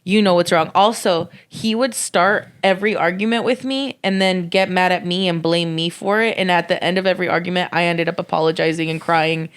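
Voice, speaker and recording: A woman's voice: fairly low pitch, fairly even intonation, fairly quick, few pauses, clear, resonant tone. A young woman co-hosting a podcast, telling a candid story in a casual, sweary way and acting out the quotes. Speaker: podcast co-host.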